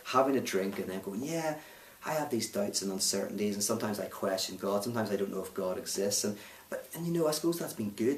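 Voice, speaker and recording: A Northern Irish man being interviewed, telling a story and making a challenging, emphatic case. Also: on the low side. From Northern Ireland. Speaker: speaker and author, interview guest. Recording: roomy, distant mic.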